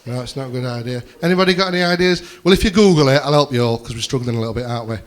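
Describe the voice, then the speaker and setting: A man's voice: medium pitch, rapid-fire. A man doing a rambling stand-up set, swearing freely and chatting with the crowd from a comedy club stage.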